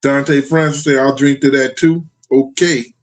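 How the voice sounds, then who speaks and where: This livestream host is a middle-aged man whose mid-range voice is unhurried and fairly even, heard on a low-quality recording. He chats casually with his viewers, swearing freely as he tells stories bluntly.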